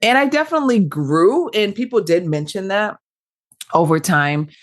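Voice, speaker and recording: A woman with a mid-range voice talks through her broadcasting career in an animated, brisk way. She laughs often and keeps things casual, like a chat between friends. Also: medium pitch. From Michigan. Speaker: podcast guest, radio broadcaster.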